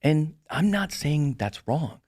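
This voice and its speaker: A man's voice: fairly high pitch, slow, no echo, studio quality. A middle-aged man, a podcast guest, telling stories in a casual chat and acting out the people he quotes. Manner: animated storyteller, acts out quoted voices. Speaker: podcast guest, real estate broker.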